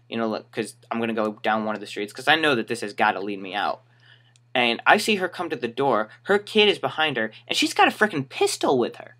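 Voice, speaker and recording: Speaking with a sharp tone at medium pitch, a young shoe store worker rambles through stories to camera in a casual storytelling vlog. He's wry and imitates the people in his tales.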